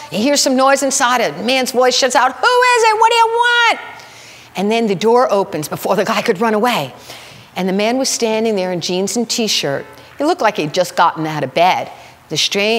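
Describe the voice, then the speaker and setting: A woman minister telling stories in a sermon, acting out the people in them with lively shifts of voice. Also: fairly high pitch, long reverb tail. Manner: animated, acts out the people in her stories. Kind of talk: storytelling sermon. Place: spiritual center sanctuary.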